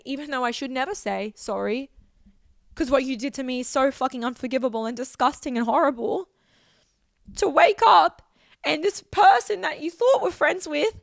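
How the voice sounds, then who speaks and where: A woman's voice: high voice, vocal fry, a bit bright, no echo, clean studio sound. A woman, talking straight to camera in a heated, swear-filled, emotional rant. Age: 20s. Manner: heated, profane, emotional outpouring. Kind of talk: direct-to-camera vlog rant.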